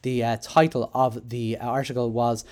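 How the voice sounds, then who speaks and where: A man's voice: mid-range voice, flat delivery, moderate pace, a little mellow. An Irish man hosting a solo education podcast, talking in a chatty, rambling way with many fillers and restarts. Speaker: podcast host.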